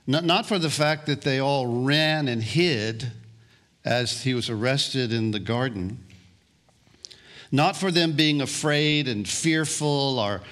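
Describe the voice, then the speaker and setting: A male pastor preaching a sermon, slow and deliberate, often restarting and repeating words. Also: mid-range voice, a bit bright.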